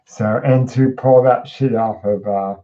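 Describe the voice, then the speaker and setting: A man's voice: medium pitch, fairly even intonation, measured pace, mellow, lo-fi sound. A man hosting a casual livestream tarot reading, rambling with lots of fillers and restarts as he chats with viewers. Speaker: host.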